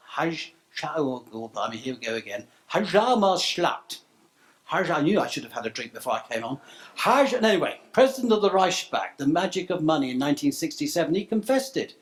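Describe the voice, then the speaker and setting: A middle-aged man giving a prepared speech to a conference audience, reading through a list of proposals and then going off script with stumbles and asides. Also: on the high side. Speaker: conference speaker. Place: conference room.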